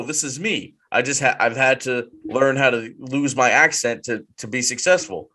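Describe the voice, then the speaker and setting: Bright-voiced male podcast co-host. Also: medium pitch, moderate pace, few pauses. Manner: animated, repeats words when excited. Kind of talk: casual wrestling podcast chat.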